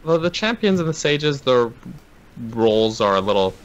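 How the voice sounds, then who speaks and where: A man co-hosting a casual panel chat. He talks in a relaxed, measured way and often murmurs agreement. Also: medium pitch, lo-fi sound. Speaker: co-host.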